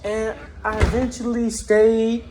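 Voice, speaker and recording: A young man with a squeaky voice chatting casually in a vlog, rambling with restarts, recorded on a phone outdoors. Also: completely flat delivery, a little mellow, a little hiss or hum. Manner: rambling, restarts, drawn-out pauses. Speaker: vlogger.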